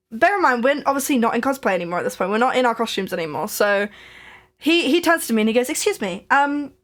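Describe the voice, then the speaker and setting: A woman's voice: a little high, fairly bright tone. Young woman, crafting-stream co-host, chatty and giggly, casual anecdote delivery with frequent restarts. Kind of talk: casual storytelling chat. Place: home crafting live stream.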